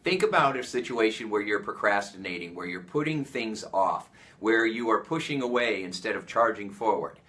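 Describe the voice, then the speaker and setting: A man with an American accent giving an energetic motivational talk, coaching listeners with many questions. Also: on the low side, normal speed, hardly any pauses.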